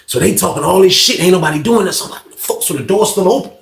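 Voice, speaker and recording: High-voiced man telling a prison story. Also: fast talker, gravelly. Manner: animated, profane street slang. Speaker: vlogger, storyteller. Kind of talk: casual storytime monologue. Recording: echoey room.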